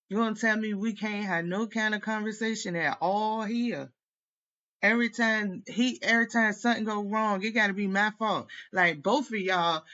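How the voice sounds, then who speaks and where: A woman's voice: mid-range voice, fairly bright tone, highs cut off. Heated, profane woman venting. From United States. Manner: heated, profane, rambling rant. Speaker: tarot reader. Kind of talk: venting monologue to camera.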